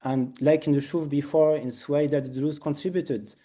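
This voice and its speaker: Man with a French accent, hesitant academic presenter, very dark and mellow tone. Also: on the high side, steady tone, moderate pace. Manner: hesitant, frequent uh fillers and restarts. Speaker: conference panelist. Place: conference.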